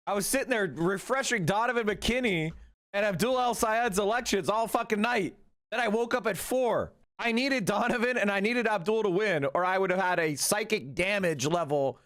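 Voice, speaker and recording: Animated high-voiced male streamer. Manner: animated, swearing, rapid asides. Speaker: political livestream host. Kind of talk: casual profane political commentary.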